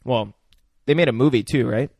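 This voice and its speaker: A man co-hosting a podcast in casual chat, laid-back and hesitant, swearing and filling pauses. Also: medium pitch, vocal fry, a little mellow, no echo, clean studio sound. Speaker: podcast co-host. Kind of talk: casual movie recap chat. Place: podcast studio.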